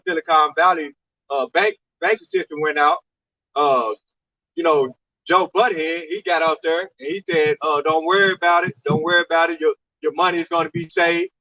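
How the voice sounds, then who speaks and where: Brief: male discussion member, slightly high, bright voice, halting then firm, lo-fi sound. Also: no echo. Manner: hesitant, many fillers, then forceful. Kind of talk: casual discussion.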